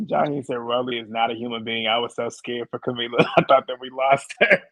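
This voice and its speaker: A man's voice: mid-range voice, expressive, moderate pace, a bit bright, low-quality recording. A man hosting a casual live reality show recap, blunt and laughing often. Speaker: host.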